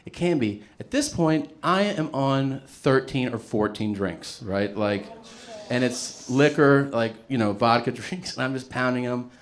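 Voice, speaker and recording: Brief: male comic, mid-pitched, lively, swearing storyteller. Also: unhurried. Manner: animated, profane, laughing through the story. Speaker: stand-up comedian. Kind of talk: stand-up storytelling.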